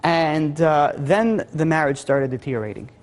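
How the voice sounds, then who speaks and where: A man's voice: fairly high pitch, lively intonation, moderate pace. A male rabbi telling a story in a sermon, casual with lots of "like" and "you know". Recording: long hall reverb.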